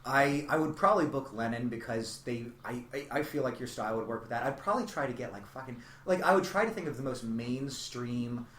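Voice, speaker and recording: A man, a comedian guest on a podcast, telling rambling, animated stories in a casual chat, saying "like" constantly. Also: medium pitch, a little fast, few pauses, slight background noise. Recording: echoey room.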